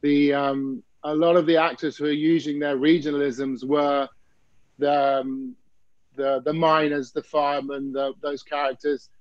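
A man's voice: on the high side, level tone, a little slow, no room sound, lo-fi sound. A man with an English middle-class accent on a panel, speaking thoughtfully with frequent restarts. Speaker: actor on a panel. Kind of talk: panel discussion.

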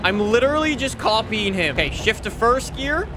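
Excitable high-voiced gamer guy. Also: normal speed, noisy background. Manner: excitable, laughs a lot, talks to himself. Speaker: gaming YouTuber. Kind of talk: gameplay commentary.

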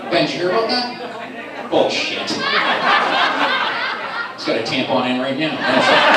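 Lively stand-up comic in a roomy club. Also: male voice, high voice, heavy background noise. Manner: loud, animated, teasing the audience. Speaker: stand-up comedian. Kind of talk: stand-up comedy set with crowd work. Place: comedy club. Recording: roomy club sound from a distant camera, crowd laughing. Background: audience laughter.

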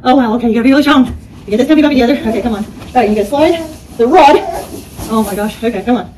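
Woman talking quick through a home setup video, kinda high voice, mic a bit far off w faint hum. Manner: rambling, self-narrating, many fillers. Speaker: product reviewer. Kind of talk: casual product assembly demo. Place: indoors at home, bedroom.

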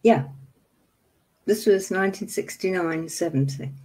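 Mellow-voiced older woman, impassioned. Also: fairly low pitch, a little slow. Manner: angry, emphatic, apologetic outbursts. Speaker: livestream host. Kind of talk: impassioned casual talk to viewers.

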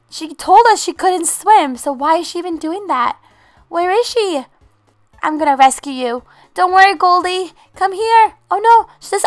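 Animated high-voiced woman gamer. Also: a little slow, no echo, studio quality, faint music behind. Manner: animated, exclaiming, motherly toward a game baby. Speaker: channel host. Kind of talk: game roleplay commentary.

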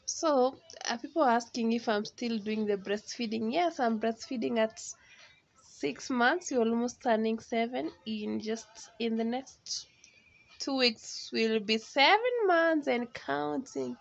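A woman vlogging at home at night, talking softly and dotingly to her baby in baby talk. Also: a little high, slow pace, vocal fry, highs cut off.

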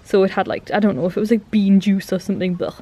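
A woman's voice: mid-range voice, quick pace, warm tone. A young woman, talking casually to her camera at home in a rambling, chatty way. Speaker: vlogger. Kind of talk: casual home vlog chat. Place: at home, indoors.

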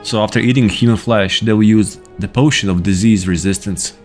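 Low-voiced man joking over gameplay. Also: a little fast, few pauses, darkish tone, faint music behind. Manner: joking, teasing game characters. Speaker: gaming YouTuber. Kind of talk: casual gameplay commentary.

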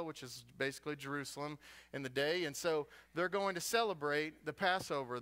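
A man's voice: a little high, pushed and bright, smooth. A man preaching a sermon as a guest preacher in a church, retelling a story with humor and animation.

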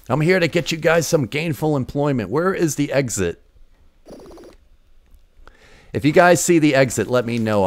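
A man in his forties from Massachusetts with a Boston accent, chatting loosely and swearing a lot as he plays old games on a livestream. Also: mid-range voice. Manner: profane, rambling and excitable. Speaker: streamer. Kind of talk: casual gaming livestream chat.

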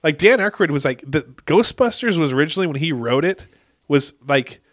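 A man hosting a relaxed podcast chat, often reacting with amazement. His voice sits fairly high for a man, recorded dry and close with no room sound. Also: a little fast, no room sound. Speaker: podcast host. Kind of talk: casual chat.

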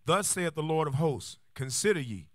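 A man reading Bible verses aloud in a steady, formal way during a class. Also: fairly high pitch, normal speed, dry recording, clean studio sound. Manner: steady, formal reading, polite short replies. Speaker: scripture reader.

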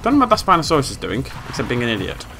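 A British man giving playful, excitable commentary on a game he is playing, humming tunes and yelping with glee. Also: mid-range voice, very fast, gravelly. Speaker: gameplay commentator. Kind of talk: casual let's-play commentary. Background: game music.

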